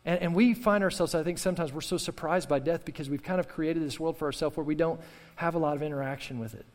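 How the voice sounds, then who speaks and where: A male pastor with a slightly high voice preaches fervently at a quick pace, repeating key phrases and calling on the congregation to respond. A long reverb tail follows his words.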